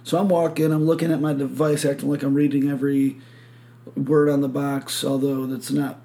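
A man's voice: mid-range voice, little pitch movement, normal speed, mellow. A man from Michigan hosting a podcast, telling a rambling story full of swearing and acted-out quotes. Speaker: podcast host. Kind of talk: casual chat.

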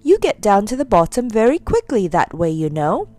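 A woman's voice: mid-range voice, sing-song, moderate pace, warm tone, lightly acted. Storybook casting: a woman playing a round-faced, blunt little tree man who trades for toffee, voice leaping up and down. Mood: cheery. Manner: blunt, bargaining. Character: round-faced cheerful male tree dweller, toffee-loving. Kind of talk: storybook reading.

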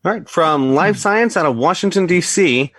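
A man's voice: a little high, expressive, normal speed, a bit bright, no room sound. A man reading a news story aloud on a comedy podcast in a newsy, slightly wry way.

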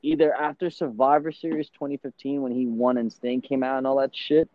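A man chatting on a podcast in an animated, emphatic way, breaking into laughs often. His pitch sits in the middle. The sound is dull and lo-fi, as from a cheap mic. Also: brisk, dry recording. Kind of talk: casual wrestling podcast chat.

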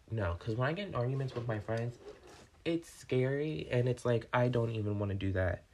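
A man who works as a manager, telling a workplace story in a casual vlog, animated and swearing, swinging from calm to worked up. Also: mid-range voice. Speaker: vlogger, restaurant manager.

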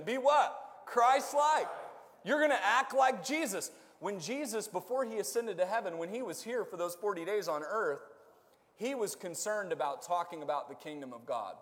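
A male pastor preaching a sermon, asking the congregation to answer back and building up to shouted lines. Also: high-pitched, lively intonation, moderate pace. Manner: call-and-response preaching, rising to shouts. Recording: long hall reverb.

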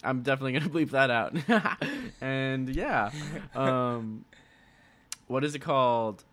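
A man's voice: mid-range voice, expressive, unhurried, fairly bright tone. A young college-age man co-hosting a podcast, easygoing and joking with rambling asides. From Mexican heritage. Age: young adult. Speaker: podcast co-host. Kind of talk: casual chat.

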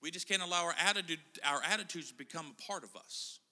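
Preaching informally in a church, this middle-aged man trades jokes and small talk with the congregation. He speaks quickly at a fairly high pitch, with a pushed, bright delivery, and the hall's reverb carries through the audio.

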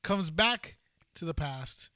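A man's voice: on the high side, animated, slow pace, bright, forceful tone, dry recording, studio quality. A man co-hosting a podcast, telling stories in an enthusiastic, casual way. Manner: enthusiastic, storytelling, says "dude" often. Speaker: podcast co-host. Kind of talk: casual chat.

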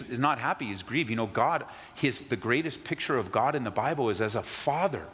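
A man preaching a sermon as pastor, telling stories with animated acted asides, in a church sanctuary. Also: mid-range voice. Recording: long hall reverb.

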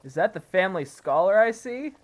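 A man's voice: sits high, lively intonation, fairly quick. An older man acting a teasing, good-humored grandfather in a family drama. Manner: teasing, jovial, chuckling.

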